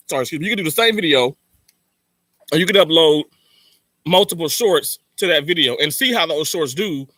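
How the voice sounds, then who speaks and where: A man's voice: fairly high pitch, bright, forceful tone, dry recording. A man hosting his channel in casual live talk to viewers, emphatic and motivational, repeating his points. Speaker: channel host.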